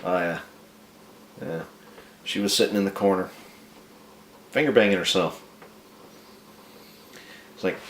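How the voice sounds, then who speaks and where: A man telling a dark, comic story about himself in a crude, profane, rambling way. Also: low voice, measured pace, long pauses, roomy sound, a little hiss or hum.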